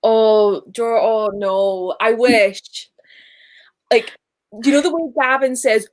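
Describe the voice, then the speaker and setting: A Scottish woman chatting casually on a live stream, enthusiastic and quick to laugh. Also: fairly high pitch. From Scotland. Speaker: booktuber co-host.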